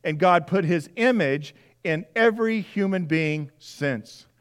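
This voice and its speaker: High-voiced man preaching a conversational sermon. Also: unhurried, clean tone. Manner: conversational preaching with repeated phrases and playful acted-out asides. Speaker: pastor. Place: church sanctuary.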